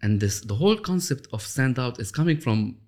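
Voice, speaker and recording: A man being interviewed, speaking thoughtfully and often pausing and restarting as he explains his ideas. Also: medium pitch, animated, darkish tone. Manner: thoughtful, hesitant restarts, slows down for emphasis. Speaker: interview guest, author of a love system. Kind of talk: reflective storytelling interview.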